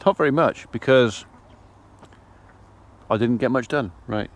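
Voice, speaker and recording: A middle-aged man, talking casually to camera while he does his farm chores outdoors. He rambles in a relaxed, chatty way and breaks off now and then to talk to his animals. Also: mid-range voice, measured pace. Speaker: farmer vlogger. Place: farmyard outdoors.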